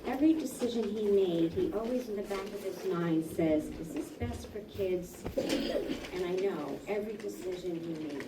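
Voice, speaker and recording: A woman's voice: mid-range voice, normal speed. A woman superintendent giving a tribute speech at a school library ceremony, recalling memories with light laughs. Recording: echoey room from far off, background noise.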